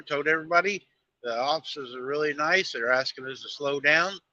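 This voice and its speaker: Trucker guy rambling on a live stream from his cab, bright tense voice, kinda dull lo-fi sound. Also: a little high. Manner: rambling storyteller, folksy talk. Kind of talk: casual live-stream chat while driving.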